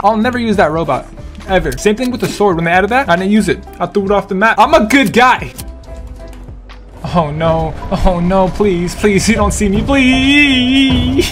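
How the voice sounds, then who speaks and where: A man giving loud, joking commentary over a shooter game, often breaking into shouts. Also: high voice, very animated. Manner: loud, jokey, quick swings to shouting. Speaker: gaming YouTuber. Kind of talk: excitable gameplay commentary. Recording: game music and sound effects behind. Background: game music.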